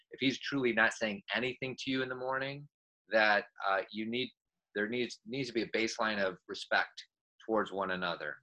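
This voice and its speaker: Reassuring bright-voiced male podcast host. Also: lowish voice, low-quality recording. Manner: reassuring, coaching, speaks in restarts. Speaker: podcast co-host giving parenting advice. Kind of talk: casual advice chat.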